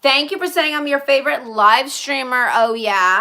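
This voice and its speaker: A woman's voice: high-pitched, normal speed, bright, forceful tone. A woman live streaming in casual chat, reading viewer comments aloud and answering them in a chatty way.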